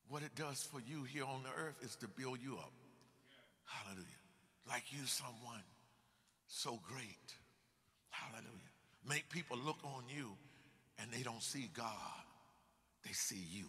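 Male preacher, bright and lively delivery, dramatic sermon, long church echo. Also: medium pitch, measured pace. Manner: dramatic, swinging between loud and hushed, peppered with hallelujahs.

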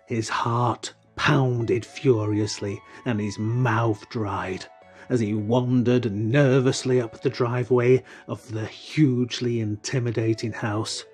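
A man reading an audiobook in the first person, slow and wistful. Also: medium pitch, steady tone, soft background music. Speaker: audiobook narrator. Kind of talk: first-person storybook narration.

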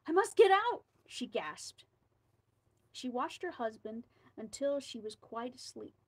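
A woman's voice: a little high, rough recording. Woman reading a scary story aloud. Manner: dramatic storybook reading with quiet asides.

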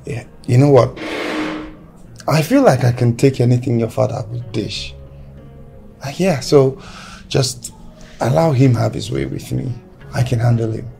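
An actor playing a broke, apologetic young husband with a Nigerian accent, who speaks softly. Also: male voice, mid-range voice, measured pace, creaky, pauses often, faint music behind. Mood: reassuring. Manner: soft-spoken, apologetic. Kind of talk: film drama acting.

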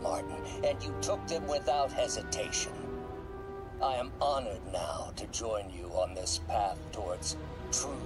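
An actor as a scheming older scientist villain in a game cutscene speaks in a measured, solemn voice at a middle pitch. Clear game score music swells behind him. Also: male voice, close to an everyday voice, rough recording. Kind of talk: video game cutscene dialogue.

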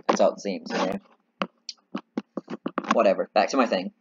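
Low and steady at a normal pace, the gamer keeps up a rambling, self-mocking running commentary. The audio sounds dull, heavy background noise fills the clip, and synthesizer music plays behind him.

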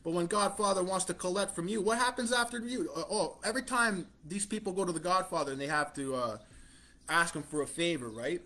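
A man preaches a profane street-style sermon in a swaggering mobster tough-guy manner. His voice sits high for a man, and his delivery is blunt and scornful, with chuckles between lines. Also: fairly quick, sharp tone.

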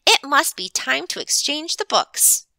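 A woman voicing a kindly elderly neighbor who walks with a cane, in a slow, higher old-lady voice for a storybook reading. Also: very animated, gravelly, pushed and bright, no room sound, heavily acted. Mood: doting.

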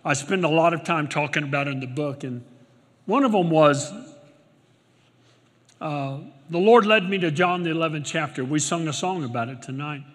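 An older man preaching a sermon in a church, swinging between loud declarations and hushed, murmured asides. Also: fairly high pitch, moderate pace. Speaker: pastor. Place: church sanctuary. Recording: long hall reverb in a church.

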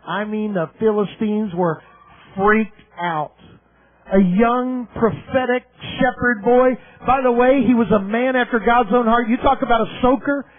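Animated preacher with a high, tinny voice. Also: male voice, normal speed. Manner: animated, acts out the characters' voices, shouts at peaks. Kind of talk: sermon storytelling. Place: conference hall.

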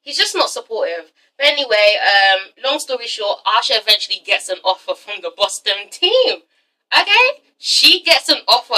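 High bright sassy woman reviewer. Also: very animated, normal speed, low-quality recording. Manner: sassy, profane, tags lines with "okay?". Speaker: TV episode reviewer. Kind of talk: casual recap vlog.

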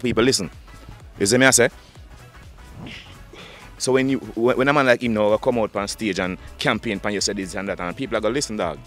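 A Jamaican man with a lowish voice talks quickly in a loose interview. He circles back over his points and restarts his sentences again and again, with faint music playing behind him. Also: a bit bright. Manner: fast, repetitive, restarts often, uses slang. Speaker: dancehall artist. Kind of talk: interview, casual talk.

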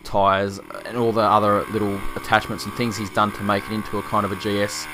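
Australian man, lowish voice, loose swearing motovlog chatter, faint outdoor noise behind. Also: flat delivery, a little fast. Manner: rambling, laughing, swearing freely. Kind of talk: casual vlog chat while riding. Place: outdoors on a motorbike. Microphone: chest-mounted camera.

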